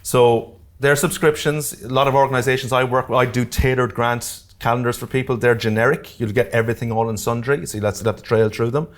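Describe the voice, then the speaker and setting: A man with an Irish accent presenting a live workshop to a room, talking quickly and jokily and often checking in with "okay?" and "all right?". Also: mid-range voice, fairly even intonation. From Ireland. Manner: fast-talking, jokey, keeps checking in with the audience. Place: community centre meeting room.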